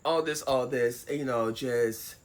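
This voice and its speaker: A woman vlogger telling a personal story in a casual, animated way, swearing freely. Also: extremely low pitch, measured pace. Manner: animated, profane, acts out voices.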